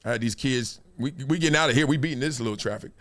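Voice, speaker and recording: A middle-aged man hosting a casual sports talk show, slangy and animated, acting out quick voices as he riffs. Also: medium pitch. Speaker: show host. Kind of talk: casual commentary livestream.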